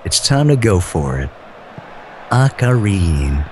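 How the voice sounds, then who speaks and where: A man doing playful amateur football commentary in a smooth, mock-suave radio-announcer manner. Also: deep voice, very animated, takes it slowly, slight background noise.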